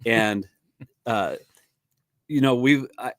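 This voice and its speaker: A man hosts a relaxed podcast conversation at a mid-range pitch, talking eagerly and breaking into laughter often. His voice sounds close and dry, with no room echo. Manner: enthusiastic, chatty, quick to laugh. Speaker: podcast host and drummer. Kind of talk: casual interview chat.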